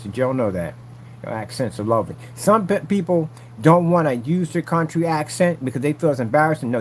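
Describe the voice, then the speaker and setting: Man hosting a vlog, rambly and repetitive, slangy, lively swinging pitch, faint hum behind. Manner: animated, repetitive, talks straight to viewers, frequent slang. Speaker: channel host showing his screen technology. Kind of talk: casual rambling vlog monologue.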